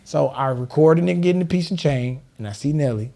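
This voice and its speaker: Animated storytelling man, raised pitch. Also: fast talker, gravelly. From Los Angeles. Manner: animated, laughs while telling, acts out others in a raised voice. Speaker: podcast guest. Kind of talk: casual storytelling. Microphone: studio podcast mic.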